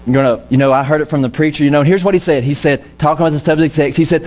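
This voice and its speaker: Lively, joking male pastor, slightly high voice. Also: quick pace. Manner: lively, jokey, acts out quoted voices. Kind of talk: casual conversational sermon. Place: church auditorium.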